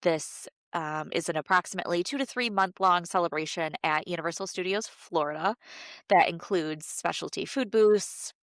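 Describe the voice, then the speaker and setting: A woman with a low, nasal voice, still stuffy from a cold. She chats casually as a podcast co-host, leaning on fillers. The sound is dry and close, with no room around it. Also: normal speed, fairly bright tone, no room sound. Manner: chatty, many fillers, laughs often. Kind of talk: casual chat.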